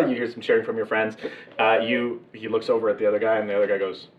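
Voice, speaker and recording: A man's voice: fairly low pitch, level tone, fast talker. A man narrating as game master of a tabletop game, in a loose, rambling way full of fillers. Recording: distant, echoey, muffled mic.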